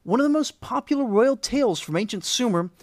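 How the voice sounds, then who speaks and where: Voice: mid-range voice, lively intonation, brisk, darkish tone, dry recording. Wry history storyteller, dry close sound. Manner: wry, dry humor with casual asides. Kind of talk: scripted storytelling narration.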